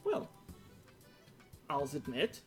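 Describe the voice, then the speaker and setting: A man's voice: wildly swooping pitch, drawn-out words, soft background music, heavily acted. A man voicing a cocky male gnome trader who talks in slangy street speech. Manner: slangy, drawling "yous", pitched up.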